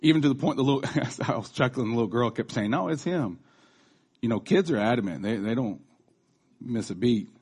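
A man's voice: mid-range voice, animated, brisk, a little mellow, husky. A man in his thirties giving a casual, conversational sermon, chatty, with restarts and asides. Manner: acts out quoted voices. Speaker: preacher.

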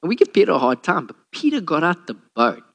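A man, a pastor, preaching a sermon and telling a Bible story with lively acted-out quotes. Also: quick pace, creaky. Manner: storytelling, acts out quotes with a lowered voice.

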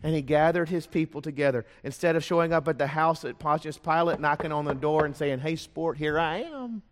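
A man preaching a sermon, telling stories, firing off rhetorical questions and dropping to a hush for emphasis. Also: fairly high pitch, steady tone, quick pace. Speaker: pastor. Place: church sanctuary. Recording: long church hall reverb.

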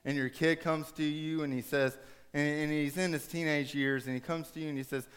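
A man preaching a sermon, telling a story dramatically, rising to urgent raised passages and dropping to hushed soft ones. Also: on the high side, fairly even intonation, a little fast, clear, resonant tone.

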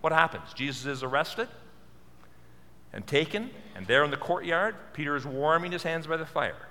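Guy preaching, earnest, lots of questions, bright voice, big echoey church. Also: a little high, lively intonation, moderate pace. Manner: earnest, asks many questions; repeats words when stressing. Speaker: pastor. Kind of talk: sermon.

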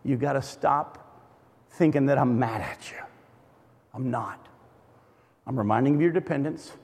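A man's voice: mid-range voice, moderate pace, darkish tone, breathy edge. A man preaching a sermon, telling a story in a conversational, humorous way. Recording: long reverb of a large hall.

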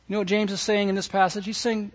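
A man's voice: high-pitched, flat delivery, fast talker. A man preaching a sermon as pastor, speaking earnestly and directly to his congregation, repeating key phrases for emphasis. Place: church service.

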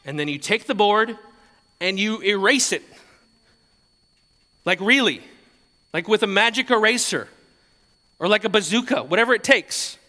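A man's voice: sits high, lively intonation, moderate pace, pauses often, pushed and bright, long reverb tail. A male pastor giving a conversational sermon, often repeating words and adding light laughs.

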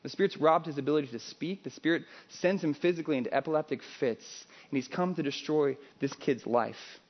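A man preaches a sermon as a conversational, animated storyteller, often restarting his phrases. His voice sits slightly high. The recording sounds dull and lo-fi. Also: a little fast. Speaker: pastor.

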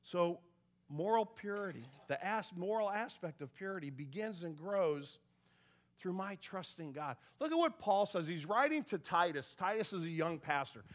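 A man's voice: high-pitched, animated, normal speed. A male pastor delivering a conversational sermon, with self-deprecating humor and frequent restarts.

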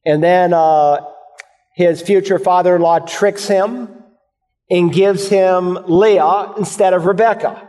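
A man's voice: sits high, steady tone, slow, dark tone, big-room sound. A male pastor preaching an expository sermon, posing and answering rhetorical questions for his listeners.

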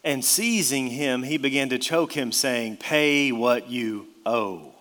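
A man's voice: mid-range voice, slow, hardly any pauses, fairly bright tone, big-room sound. A man preaching an expository sermon, emphatic, with his voice rising and dropping for effect.

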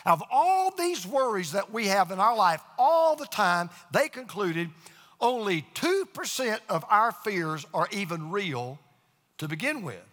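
A man's voice: high-pitched, very animated, measured pace, a bit bright, big-room sound. A man preaching a sermon with emphatic call-and-response to his congregation. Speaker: pastor.

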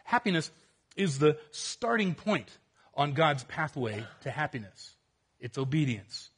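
A man preaching a sermon, earnest and emphatic, swinging between loud outbursts and quiet, low stretches. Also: sing-song, a little slow, slightly rough. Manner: earnest, emphatic, rising to exclamations and dropping to quiet.

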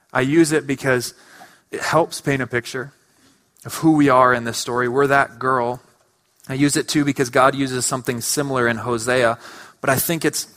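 A man's voice: medium pitch, fairly bright tone. A man preaching a sermon in a church, earnest and conversational with casual asides. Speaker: pastor.

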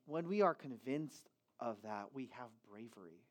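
A man preaching a sermon emphatically, moving from low, quiet stretches into loud, raised passages. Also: lively intonation, measured pace.

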